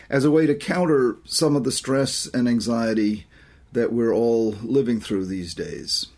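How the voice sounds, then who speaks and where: Male podcast host, gravelly and husky, calm and encouraging interviewer. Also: mid-range voice.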